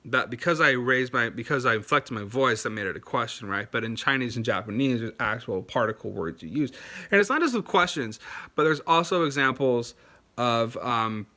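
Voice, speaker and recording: A young man with a bright, forward voice talks casually to camera, explaining as he goes. He rambles a little, stopping and restarting his sentences and padding them with fillers. His pitch sits in a plain middle range. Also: animated, normal speed. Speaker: language-learning vlogger.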